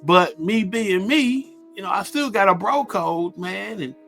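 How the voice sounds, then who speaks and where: A man hosting a radio show, telling a street story in a laid-back, crude and boastful way, with halting restarts. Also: high voice, lively intonation, gravelly, fairly bright tone, faint music behind. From Ohio. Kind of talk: casual profane storytelling.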